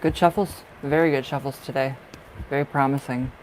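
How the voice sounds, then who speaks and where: A man's voice: mid-range voice, fairly even intonation, fairly quick, noisy background. A man hosting a live tarot reading stream, chatting casually and expressively with viewers and laughing often.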